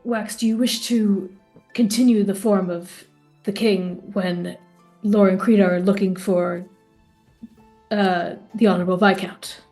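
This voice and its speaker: A woman's voice: mid-range voice, steady tone, a little slow, mellow, soft background music. A woman player in a tabletop game, describing her character earnestly.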